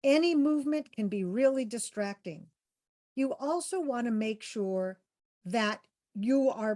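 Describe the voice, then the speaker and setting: Bright-voiced woman coaching interview skills. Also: fairly high pitch. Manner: demonstrates voice tones, upbeat and encouraging. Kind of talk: workshop teaching with questions to participants.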